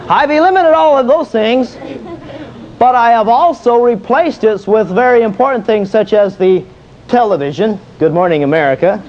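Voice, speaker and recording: A fitness instructor with a high voice delivers a folksy, jokey exercise lecture, posing questions and then answering them himself. He speaks at a normal speed with a slightly mellow quality. The audio is dull and lo-fi, like an old videotape.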